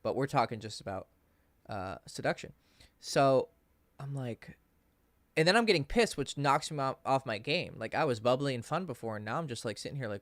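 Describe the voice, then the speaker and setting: A man's voice: medium pitch, moderate pace, no room sound. A man coaching on dating, telling a story in a casual, profane livestream Q&A and acting out the people he quotes. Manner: casual, profane, animated when quoting others.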